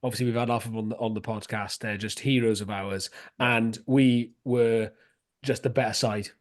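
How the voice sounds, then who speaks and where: A man's voice: on the low side, fairly even intonation, moderate pace. A man co-hosting a casual football podcast, talking as an enthusiastic, chatty fan. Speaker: podcast co-host.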